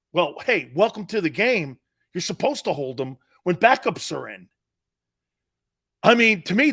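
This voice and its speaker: A brash middle-aged man running a live sports talk show. His voice sits high and swings widely as he argues, mocking pundits. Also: fairly bright tone. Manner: laughs at his own points.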